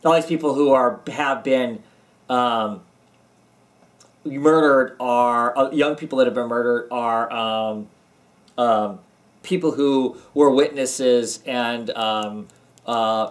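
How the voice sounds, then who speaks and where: Male vlogger, mid-pitched, tired and yawning, rambling casual comic review recorded at home. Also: steady tone, slow pace. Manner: rambling, many ums and restarts. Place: home basement.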